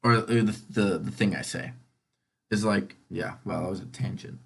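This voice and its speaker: Husky and fairly low with vocal fry, this young man from California talks at normal speed on his own laid-back podcast. He wanders off on tangents, curses freely, and rambles as he hosts.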